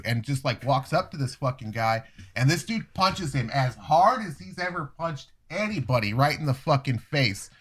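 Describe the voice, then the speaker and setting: Young guy rambling through a story, swears a lot, normal pitch. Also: normal speed, husky. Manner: profane, rambling, animated storytelling. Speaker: storyteller guest. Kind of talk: casual chat.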